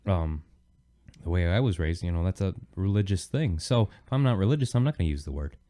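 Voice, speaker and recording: Deep-voiced man telling a rambling story. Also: animated, a little fast, warm tone, a little hiss or hum. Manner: rambling storyteller, many "you know"s. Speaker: podcast host. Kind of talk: casual chat.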